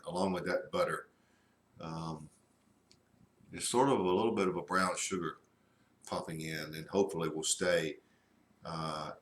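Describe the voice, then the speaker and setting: Deep-voiced guy doing a cigar review, slow and halting, lots of ums, echoey room. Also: fairly bright tone, a little hiss or hum. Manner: slow, halting, with many fillers. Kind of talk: casual review.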